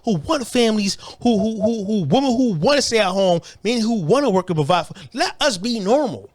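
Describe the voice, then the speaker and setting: A man in the middle of a fired-up political monologue. His voice sits high and swings widely, and he curses freely. He keeps stumbling into restarts as he talks. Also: lively intonation, a little fast, hardly any pauses. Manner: heated, profane, repetitive restarts. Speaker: online commentator.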